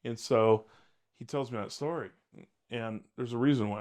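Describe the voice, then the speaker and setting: An older retired detective telling case stories in an interview, blunt and wry, rambling with many fillers. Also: male voice, medium pitch, moderate pace, darkish tone. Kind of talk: storytelling interview.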